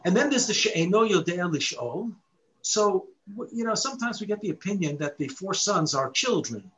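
High, lively-voiced man teaching Torah. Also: normal speed, rough recording. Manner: explains step by step, recites Hebrew verses and poses rhetorical questions. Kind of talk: expository Torah lesson.

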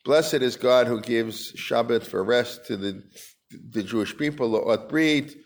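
Gravelly-voiced man teaching Talmud. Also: medium pitch, a little slow. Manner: reads Aramaic aloud then explains in casual English. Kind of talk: lecture reading and explaining Talmud.

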